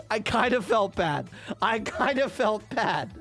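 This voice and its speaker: An animated man streamer tells casual stories in a fairly high voice that rises and falls a great deal. He swears freely and laughs often. Faint music plays in the background. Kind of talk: casual storytelling on a live stream.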